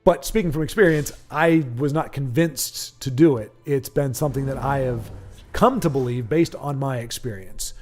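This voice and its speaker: Faint music plays behind a young man whose medium-pitched, darkish voice moves at normal speed. He hosts a card-game livestream, chatting loosely with viewers and restarting often as he rambles.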